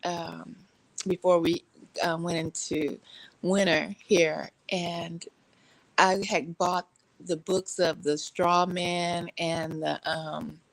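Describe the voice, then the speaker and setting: A woman, from Texas, telling a story in casual chat from her couch at home, animated and laughing, playfully shifting her voice. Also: on the low side, takes it slowly, rough recording.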